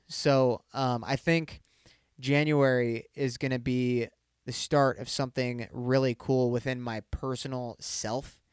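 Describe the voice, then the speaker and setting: A man's voice: medium pitch, clear, resonant tone, dry recording, clean studio sound. A man in his mid-twenties hosting a casual solo podcast, rambling and swearing a lot and saying "dude" often. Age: 20s. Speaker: podcast host.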